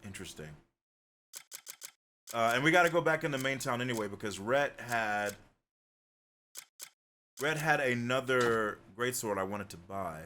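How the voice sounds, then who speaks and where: A man livestreaming a game, chatty and excitable, talking to his chat as he plays. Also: medium pitch, a little slow, pauses often, a little hiss or hum. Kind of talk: live game commentary.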